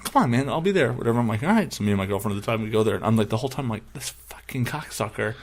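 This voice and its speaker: A man's voice: medium pitch, racing. A young man co-hosting a casual sports podcast, telling stories and acting out his friends' lines with lots of swearing. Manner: animated storyteller who acts out quoted friends loudly and profanely. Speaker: podcast co-host.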